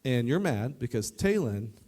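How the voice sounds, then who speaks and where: A man preaching a youth sermon to a live audience, lively and joking, talking straight to the crowd. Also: medium pitch, normal speed. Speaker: youth pastor. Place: church youth service in front of an audience.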